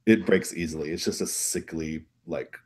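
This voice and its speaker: A man narrating as game master of a tabletop role-play in a relaxed, halting way. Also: deep voice, husky.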